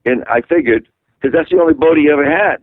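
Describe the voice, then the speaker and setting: A man's voice: fairly high pitch, fast, dry recording. An older man from Massachusetts talks over a tinny, dry phone line, voice squeezed thin by the call. He rambles through stories and slips into the voices of the people he quotes. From Massachusetts, USA. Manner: animated storyteller who acts out quoted voices. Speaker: interviewee, musician. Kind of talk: rambling storytelling in a phone interview.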